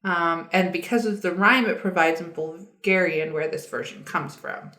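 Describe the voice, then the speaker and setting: A woman's voice: on the low side, moderate pace, bright, forceful tone. A woman co-hosting a podcast in casual chat, reading out facts from a web page as she talks. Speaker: podcast co-host. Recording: roomy echo.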